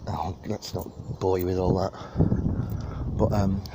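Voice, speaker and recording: A man's voice: low voice, little pitch movement, unhurried, gravelly. A man, rambling and self-deprecating as he gives a casual walking tour of a park, filmed on a handheld phone outdoors. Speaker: vlogger giving a walking tour. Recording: outdoor wind and birdsong noise.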